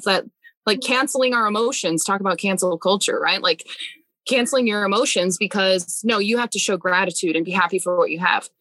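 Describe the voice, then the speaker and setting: A young adult woman hosting a casual family conversation podcast, talking in an earnest, animated way and thinking aloud with lots of "like"s. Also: mid-range voice, fairly quick, dry recording. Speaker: podcast host.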